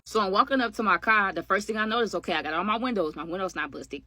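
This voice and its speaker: Brief: woman storytime vlogger, rapid-fire delivery, dry close sound, chatty and slangy. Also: on the low side, bright, forceful tone, dry recording. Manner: chatty, slangy, addresses viewers as y'all. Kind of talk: casual storytime narration.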